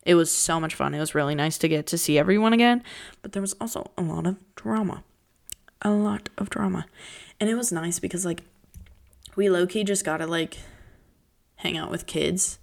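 A young woman talks through her own podcast in loose, casual chat, with a slightly low voice. She is chatty and dramatic, jumping between pitches and dropping into whispers. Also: a little fast, gravelly. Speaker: podcast host.

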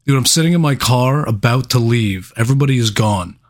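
A man's voice: mid-range voice, expressive, a little fast. A young man co-hosting a casual podcast, teasing, laughing often and swearing casually. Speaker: podcast co-host. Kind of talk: casual chat.

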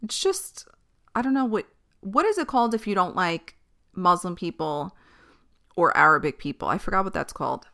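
A woman's voice: lowish voice, expressive, normal speed, creaky, pushed and bright. A young woman hosting a casual solo podcast, chatty and candid, swearing and laughing easily. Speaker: podcast host.

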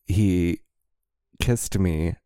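A man with a very low, dark voice trades crude gossip on a podcast. He talks casually and playfully. The recording is dry and close. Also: extremely slow, no echo. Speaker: podcast co-host. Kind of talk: casual chat.

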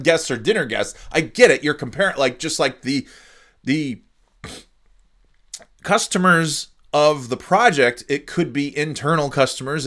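A man's voice: fairly high pitch, fairly bright tone. A man hosting a casual solo podcast, sleepy and yawning, ranting sarcastically with plenty of swearing. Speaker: podcast host.

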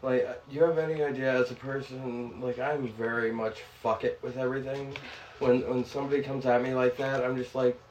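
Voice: mid-range voice, flat delivery, a little fast, a little mellow, lo-fi sound. A podcast guest talking bluntly and swearing freely in a casual chat. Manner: blunt, profane ranting. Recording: roomy, distant from the mic, faint background noise.

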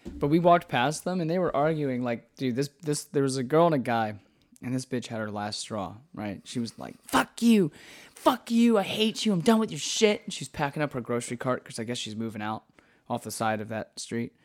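A young man in casual chat, telling stories in an animated way, full of swearing and filler words. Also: mid-range voice, fairly quick. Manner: animated storytelling, lots of swearing and "like".

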